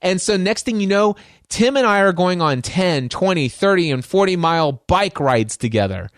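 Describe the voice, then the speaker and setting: A middle-aged podcast host and coach from Northern Kentucky, USA, tells stories on his own show as a lively, animated monologue, piling up repeated words for emphasis. His voice sits a little high for a man, at normal speed, in a dry recording with no room sound.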